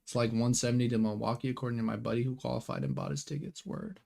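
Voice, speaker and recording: A man's voice: mid-range voice, fairly even intonation, fast talker, vocal fry, dark tone. A young man hosting a live card game watch party, chatting casually in slang and answering viewer questions aloud. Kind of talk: casual live-stream chat.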